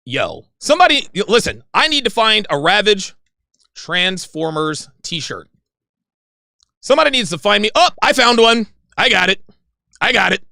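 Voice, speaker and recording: A man in his forties hosting a livestream in casual chat, rambling and excitable. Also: sits high, a little fast, vocal fry, no room sound, studio quality. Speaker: livestream host.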